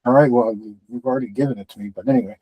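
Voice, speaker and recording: A man's voice: mid-range voice, racing, dark tone, breathy edge, no room sound, rough recording. A man co-hosting a fight-sports podcast, chatting casually and rambling with lots of fillers. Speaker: podcast co-host.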